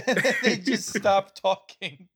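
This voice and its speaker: Very high-voiced giggly man. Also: takes it slowly, fairly bright tone. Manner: giggly, crude. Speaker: podcast co-host. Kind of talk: casual comedic chat.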